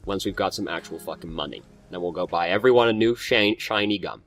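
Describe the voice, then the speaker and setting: A man's voice: deep voice, fairly quick, fairly bright tone, dry recording, faint music behind. A man hosting a let's play, chatting casually, swearing, and reading game text aloud while stumbling over some words.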